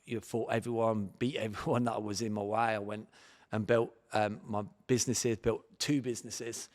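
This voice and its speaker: A man in his forties with an English accent, a guest on a podcast, telling his own life story in animated bursts and acting out his past thoughts. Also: lowish voice, moderate pace, big-room sound. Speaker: guest, martial arts champion.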